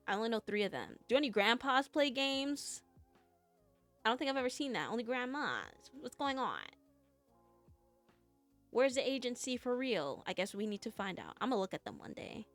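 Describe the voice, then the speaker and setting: Over soft background music, a VTuber streamer with a medium-pitched, lively voice talks to her viewers at a moderate pace. The young woman is playful, giggly and self-mocking in her casual chatter.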